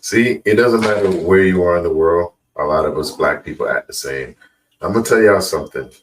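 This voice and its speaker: A man's voice: sits low, a little fast, slight background noise. A man hosting a reaction video, giving laid-back, preachy commentary. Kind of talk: casual commentary. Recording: voice a bit far from the mic.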